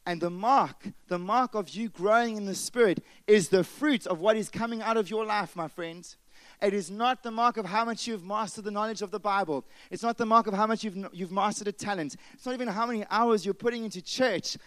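Guy preaching, high voice, really dry close sound, gets quiet then loud. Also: fairly quick, no room sound, rough recording. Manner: impassioned preaching, swings from loud to hushed. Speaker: pastor. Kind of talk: sermon.

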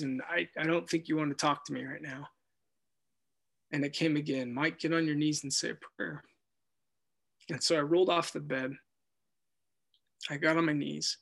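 A man giving an earnest personal testimony, halting and restarting as he speaks. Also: fairly high pitch, gravelly, a bit bright, breathy edge. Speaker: guest telling his life story.

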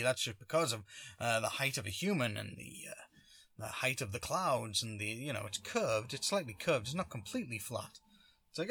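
This vlogger is a man with a medium-pitched, animated voice and a sharp tone, speaking at a normal speed. Alone on a clean, echo-free studio recording, he rambles sarcastically and keeps cutting himself off mid-thought.

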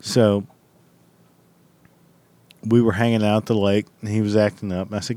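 A man's voice: lowish voice, little pitch movement, brisk, long pauses, mellow, no echo. A man telling a rambling story in a blunt, heavily profane, casual way.

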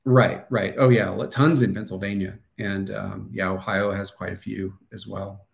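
A middle-aged man with a Midwestern American accent, talking casually as an interview guest, thoughtful and halting, with restarts and fillers. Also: on the low side, little pitch movement, creaky. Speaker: podcast guest, former wrestler.

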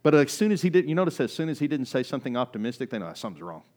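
A male pastor giving a sermon in a conversational way, often dropping his voice low for emphasis. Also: racing, darkish tone. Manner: conversational preaching with sudden drops in volume; acts out quoted voices in reading.

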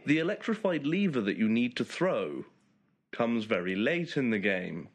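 A man's voice: mid-range voice, big pitch swings, moderate pace. A man hosting a casual group chat, explaining things in a wry, storytelling way.

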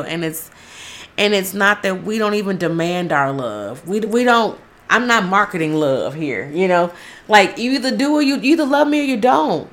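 A woman's voice: mid-range voice, lively intonation, moderate pace. A woman hosting a podcast in a casual monologue, profane, effusive and often laughing. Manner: loud, profane, laughs often, gushing to listeners. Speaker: podcast host.

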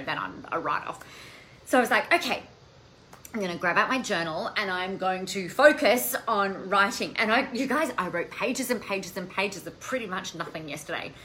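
A bright-voiced woman hosts a live stream and chats with her viewers in a lively, animated way, swearing casually as she goes. A faint hiss of noise sits behind her voice. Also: fairly low pitch, rough recording. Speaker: coaching podcast host.

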